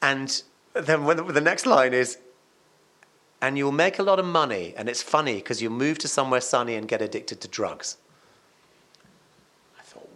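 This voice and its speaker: Male radio host as podcast guest, mid-pitched, lively and emphatic, keeps restarting sentences. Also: moderate pace, pauses often. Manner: animated and emphatic, frequent restarts and repetitions. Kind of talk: casual conversational storytelling.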